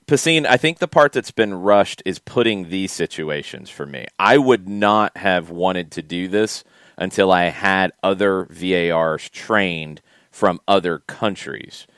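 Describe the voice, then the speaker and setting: A man co-hosting a casual soccer podcast, emphatic and opinionated, quick to push back. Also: low voice, fairly bright tone, clear, resonant tone, dry recording, studio quality. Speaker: podcast co-host. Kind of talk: casual sports talk.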